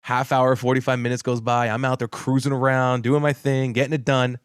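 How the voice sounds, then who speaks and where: A man casually telling a long work story on a podcast, animated, repeating himself and laughing as he acts out what people said, swearing now and then. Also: mid-range voice, brisk, clear, resonant tone, no room sound, clean studio sound.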